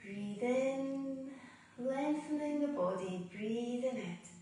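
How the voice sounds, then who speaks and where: A woman leads a yoga practice in a slow, soothing voice, leaving long pauses between cues. Her tone is mellow and a little high. She sits some way from the mic in a very echoey room, with faint ambient sound behind her. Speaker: yoga teacher. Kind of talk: guided yoga and breathing instruction. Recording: roomy echo, voice from a distance.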